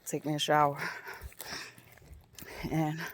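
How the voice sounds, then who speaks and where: A woman's voice: low voice, monotone, slow, slight background noise. A woman talking reflectively in a casual spiritual vlog outdoors on her phone, a bit out of breath after a walk and laughing often. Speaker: vlogger.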